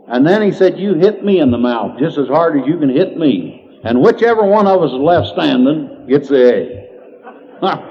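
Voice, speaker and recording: Kinda high-voiced and drawly, an older country guy from Indiana tells jokes and laughs at his own punchlines. The folksy storytelling comes through muffled on a dull, lo-fi 1990s tape with faint hiss.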